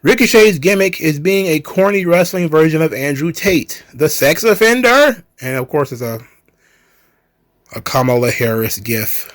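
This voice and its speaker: A man's voice: a little high, expressive, normal speed, a bit bright, no room sound. A man hosting a wrestling commentary show, ranting in a heated, sarcastic way with swearing. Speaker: wrestling commentary channel host.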